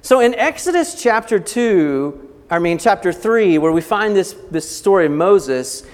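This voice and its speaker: A man preaching a teaching sermon. He explains step by step, checks in with his listeners by asking "okay?", and acts out quick little voices. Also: sits high, big pitch swings. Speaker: pastor. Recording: long hall reverb.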